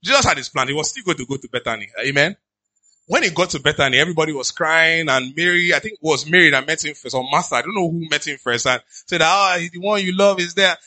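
A pastor with a Nigerian accent preaching in an animated, conversational way, slipping into pidgin asides. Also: male voice, on the high side, quick pace, dry recording. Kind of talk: sermon.

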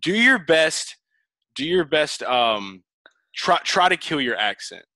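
Playful bright-voiced male podcast host. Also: on the high side, big pitch swings, dry recording. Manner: teasing, playful, quick restarts. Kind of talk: casual chat.

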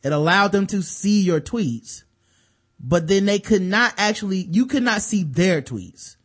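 A man's voice: high-pitched, animated, unhurried. A man co-hosting a podcast, explaining a story in loose, profane casual chat with many restarts. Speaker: podcast co-host.

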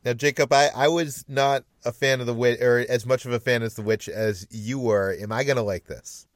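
A man's voice: mid-range voice, fairly even intonation, normal speed, no echo, studio quality. A man hosting a casual film talk, teasing and wry. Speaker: podcast host. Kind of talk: casual chat.

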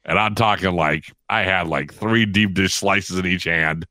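A middle-aged man spins a long anecdote. His voice sits very low and comes across bright and forceful, and he laughs and acts out quotes along the way. The sound is close and dry. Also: a little slow, no room sound. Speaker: guest storyteller. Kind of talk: casual storytelling.

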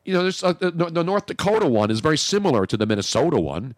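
A man's voice: on the high side, very animated, fast, no room sound, clean studio sound. A man hosting a radio talk show, bantering and joking in casual chat.

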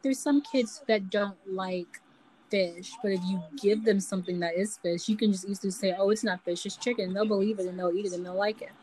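A woman co-hosting a casual podcast, relaxed and quick to give agreeing replies. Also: medium pitch, a little hiss or hum, poor audio. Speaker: podcast co-host. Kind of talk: casual chat.

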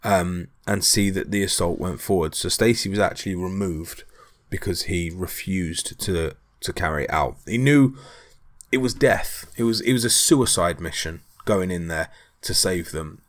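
A man's voice: low voice, normal speed. A man hosting a history podcast, retelling events casually with frequent ums and asides to the listener. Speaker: podcast host.

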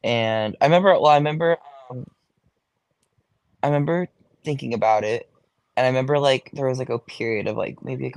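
A young go-go dancer, appearing as an interview guest, talks casually and chattily in a fast, creaky, mid-range voice, cursing freely and using "like" constantly. There's no echo in the recording.

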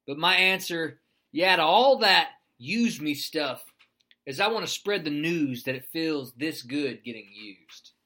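A man's voice: fairly high pitch, animated, measured pace, bright, forceful tone. A man co-hosting a comedic podcast, asking questions and slipping in song lyrics as answers.

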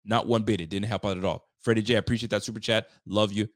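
A man's voice: on the low side, fairly even intonation, quick pace, no room sound, clean studio sound. A man hosting a fan show live after the game, reading viewer chats in a casual, heated, slangy way. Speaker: sports fan show host. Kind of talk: postgame livestream reaction, reading viewer chats.

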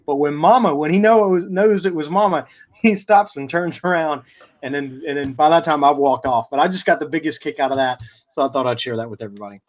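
A man with a slightly raised voice co-hosts a casual sports podcast, telling anecdotes in an animated way and laughing along. The recording is somewhat dull and lo-fi. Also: fairly high pitch, fast. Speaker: podcast co-host.

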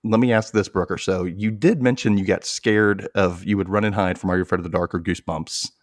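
A man hosting a podcast in a casual, animated chat, laughing and swearing freely. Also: sits low, fairly quick, no echo, studio quality. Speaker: podcast host.

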